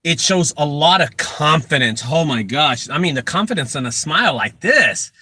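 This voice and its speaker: A man who runs a junk removal business, telling animated, joking stories full of asides as he gives casual advice. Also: fairly high pitch, moderate pace, slightly rough, no room sound. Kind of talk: casual storytelling advice talk.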